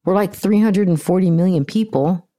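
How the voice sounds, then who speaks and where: A woman's voice: on the low side, normal speed, warm tone. An American woman hosting a podcast with blunt, profane, ranting casual commentary. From United States. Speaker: podcast host.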